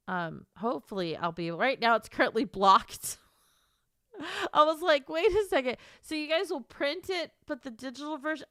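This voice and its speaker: A woman's voice: a little high, vocal fry, a bit bright, no room sound, studio quality. A woman streamer chatting casually with her viewers, emotional and teary, laughing and rambling as she talks. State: teary, crying on and off. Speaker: streamer and author. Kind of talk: casual live-stream chat.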